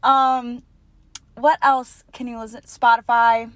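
A young woman with a high voice hosts her own podcast, talking on and on and cursing all the time. She swings from quiet mumbling to loud, indignant yelling. The sound is dry and close, with no room echo. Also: little pitch movement, takes it slowly. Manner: profane, rambling, swings from mutter to loud yelling. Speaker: podcast host. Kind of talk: solo podcast rant.

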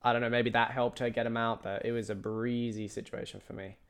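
Fast-talking young man. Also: medium pitch, little pitch movement, creaky, fairly bright tone, smooth. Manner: chatty, laughing, swears casually. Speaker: podcast co-host. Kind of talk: casual chat.

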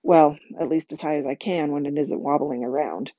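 A woman reading a novel aloud, expressive, with a lively rhythm in lists. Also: low-pitched, moderate pace, no echo, highs cut off. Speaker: reader.

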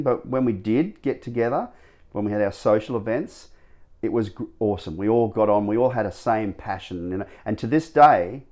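A man, telling his stories as an interview guest, rambling and animated with many restarts. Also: fairly low pitch. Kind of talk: casual storytelling interview.

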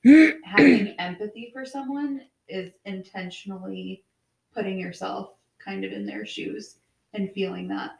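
A woman's voice: mid-range voice, unhurried, vocal fry, darkish tone. A woman guest on a casual podcast, explaining her view in a reflective way. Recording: roomy, distant from the mic.

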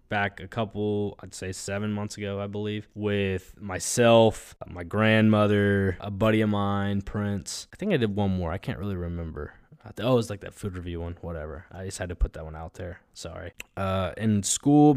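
A man's voice: fairly low pitch, a little mellow, smooth. A young man, hosting a casual solo podcast from home, rambling with lots of fillers. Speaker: podcast host.

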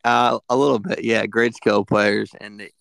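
Low gravelly young man, laid-back. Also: level tone, normal speed, fairly bright tone. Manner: laid-back, short replies, dry teasing. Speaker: podcast co-host. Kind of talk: casual sports chat.

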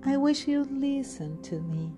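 A woman voicing a patient mother mouse who gently warns her busy little son to be careful. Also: sits high, lively intonation, unhurried, music in the background, pitched above the performer's own voice. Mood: cautioning. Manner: gentle, cautioning.

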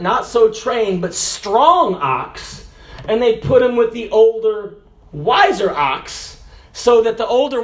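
A middle-aged man preaching, his voice sitting high for a man and ringing in an echoey hall. He drops into quiet, chatty asides, then climbs into loud, shouted passages. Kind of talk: sermon.

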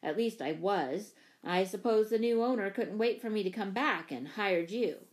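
A woman's voice: medium pitch, moderate pace, natural voice. A woman voicing a tired, drenched middle-aged man speaking plainly in a storybook reading. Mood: weary.

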